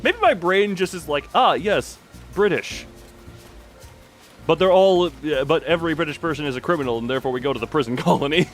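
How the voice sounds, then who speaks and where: A man's voice: fairly high pitch, animated, racing, few pauses, faint music behind. A man streaming a game, rambling casually and reading lines aloud with self-mocking asides.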